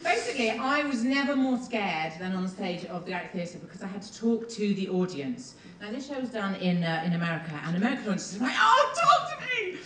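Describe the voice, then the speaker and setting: A woman giving a rambling, giggly, excited award acceptance speech on a theatre stage. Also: medium pitch, fast talker, hardly any pauses. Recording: echoey theatre, far from mic, loud audience. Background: audience laughter.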